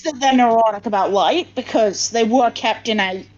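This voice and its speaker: A woman's voice: fairly high pitch, normal speed. A woman playing a tabletop game, curious and asking questions, over a dull lo-fi mic. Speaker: player. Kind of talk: casual tabletop play.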